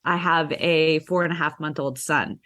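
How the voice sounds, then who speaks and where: A woman's voice: low voice, fairly even intonation, moderate pace, fairly bright tone. A young woman, a podcast guest, explaining things in an earnest, conversational way and acting out people's inner voices.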